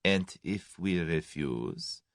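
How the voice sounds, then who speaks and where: A man's voice: on the low side, moderate pace, no room sound, clean studio sound, full character voice. A man voicing a menacing German conspiracy boss. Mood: cold. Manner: menacing, then excitable and baffled. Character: blustering German conspiracy leader, middle-aged man.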